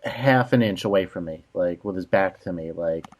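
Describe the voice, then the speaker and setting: A man's voice: low voice, moderate pace. A man co-hosting a casual podcast, telling exasperated stories about rude strangers, full of "like" fillers. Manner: exasperated storytelling, many "like" fillers. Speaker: podcast co-host.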